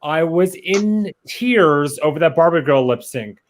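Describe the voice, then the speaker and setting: A man's voice: a little high, expressive, unhurried. A man co-hosting a casual group chat, speaking in a candid, blunt way. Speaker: podcast co-host.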